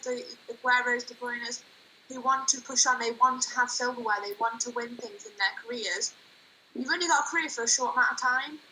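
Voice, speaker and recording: A woman's voice: a little high, sharp tone, slight background noise, low-quality recording. A young woman, co-hosting a casual football chat and giving blunt, plain-spoken opinions. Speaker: co-host.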